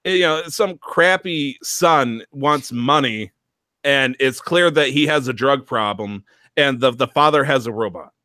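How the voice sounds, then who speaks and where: A man's voice: medium pitch, pushed and bright, no echo. Dry-sounding man rambling about a game. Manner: rambling, jokey, acts out scenes in quick voices. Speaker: podcast co-host. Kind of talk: casual gaming chat.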